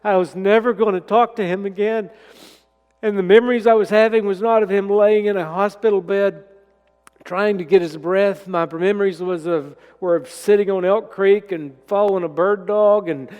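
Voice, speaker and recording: A middle-aged man with a drawl preaches a sermon, telling stories in a folksy way. His voice is high and smooth, and it drops to a hush when he is moved. The long reverb of a church sanctuary hangs behind every word. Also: fairly even intonation, moderate pace. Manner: folksy, storytelling, drops to a hushed voice when emotional. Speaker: pastor.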